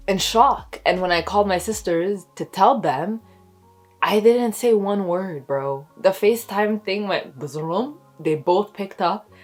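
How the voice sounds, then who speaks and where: A young woman, a stay-at-home mom, telling a story to her camera in a casual, emotional way, holding back tears. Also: lowish voice. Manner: emotional, talks slowly, near tears. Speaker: vlogger, expecting mother.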